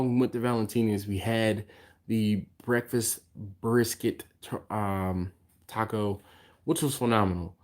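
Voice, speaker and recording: A man's voice: medium pitch, darkish tone. A man hosting a barbecue channel, chatting casually on a live stream in a rambling way, yawning and tired, answering viewer comments as he goes.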